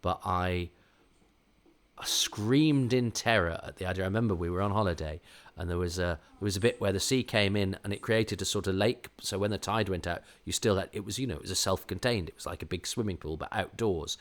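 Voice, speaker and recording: A man's voice: sits low, brisk. A man with an English RP accent giving chatty, digressive watch-along commentary as a podcast host, often poking fun at himself. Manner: chatty, digressive, self-mocking.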